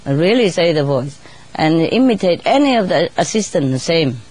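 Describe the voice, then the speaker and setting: A woman chatting casually in non-native English, laughing often and sometimes mimicking birds in a squeaky voice. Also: sing-song, normal speed, a little mellow, breathy edge. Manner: laughs often between phrases; imitates birds in high squeaky voice. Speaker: bird keeper telling stories. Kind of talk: casual storytelling.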